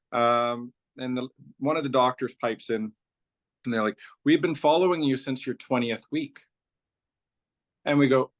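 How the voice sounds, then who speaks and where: A man speaks at an ordinary, middle pitch and talks casually as an interview guest. He tells a long personal story in a rambling way, chaining his thoughts with "so" and "like" as he goes. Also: measured pace. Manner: loose and rambling, strings clauses with "so" and "like". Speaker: company founder telling his story as a guest.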